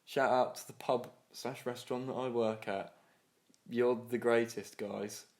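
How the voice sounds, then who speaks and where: A man's voice: mid-range voice, steady tone, a little slow, a little mellow. A man in his twenties, a podcast co-host, telling a long story in a rambling, sweary way and acting out the people in it. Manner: acts out other people's lines in his retelling. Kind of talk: casual storytelling chat.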